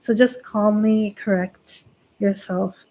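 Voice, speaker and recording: Chatty woman with a mellow voice. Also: mid-range voice, fairly even intonation, slow pace, low-quality recording. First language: not Japanese. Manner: chatty and reassuring, many "like" fillers and light laughs. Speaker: Shinto priestess hosting a livestream. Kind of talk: casual livestream chat. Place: lives in Japan.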